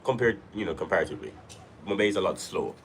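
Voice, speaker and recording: A man's voice: deep voice, sing-song, very fast, gravelly, fairly bright tone, a little hiss or hum, rough recording. A man hosting a live stream in a casual, rambling way, sounding a little sick and repeating himself. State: sick, voice slightly off.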